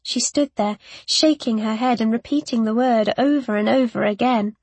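A woman narrating a first-person story in a measured, tense way. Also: fairly high pitch, fairly even intonation, darkish tone, slightly rough, no room sound. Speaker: audiobook narrator.

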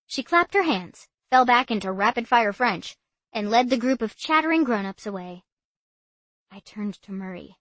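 A woman reading a first-person story aloud in an expressive, animated way. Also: medium pitch, normal speed, dry recording. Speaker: audiobook narrator.

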